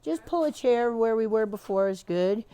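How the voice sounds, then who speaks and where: A woman with a fairly high voice leads a camp staff training in a room full of people. She explains things casually and encouragingly, with lots of fillers as she goes. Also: expressive, normal speed, background noise. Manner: warm, encouraging, chatty with frequent fillers. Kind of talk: instructional talk to a staff team.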